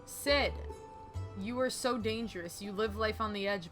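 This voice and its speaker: A woman's voice: medium pitch, a little slow, over music. A woman hosting a gaming channel, chatting casually as she plays and often exclaiming and talking back to the game. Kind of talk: casual let's-play commentary.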